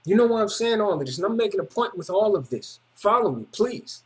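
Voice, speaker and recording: A man with a notably high voice recounts a personal story in casual street slang. He repeats phrases for emphasis and speaks emphatically, like a testimony video. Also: animated, fairly quick.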